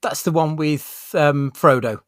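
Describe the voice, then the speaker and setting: A man's voice: on the high side, a little slow, clean tone, no room sound, studio quality. A man co-hosting a casual podcast, talking enthusiastically and often restarting his sentences. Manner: chatty and enthusiastic, with frequent restarts. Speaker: podcast co-host.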